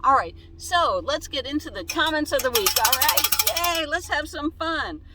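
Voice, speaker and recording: A woman's voice: high voice, expressive, normal speed, heavy background noise. A woman vlogger chatting casually inside her van, reading viewer comments aloud and answering each one. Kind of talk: casual chat.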